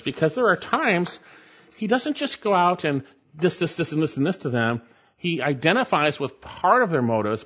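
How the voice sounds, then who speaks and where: A man's voice: a little high, a bit bright. A man preaching an expository Bible sermon in an emphatic way, repeating his key points for stress. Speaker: pastor. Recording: dull lo-fi recording.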